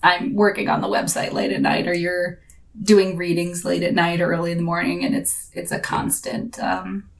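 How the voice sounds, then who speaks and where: A woman hosting a podcast in casual chat, talkative and quick to laugh as she reads listener questions. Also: fairly low pitch, flat delivery, gravelly. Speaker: podcast host.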